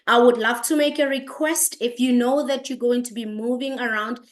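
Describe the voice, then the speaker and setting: A woman's voice: a little high, steady tone, moderate pace. A woman hosting an online business presentation on a video call, greeting attendees by place with lots of energy. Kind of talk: upbeat online meeting presentation.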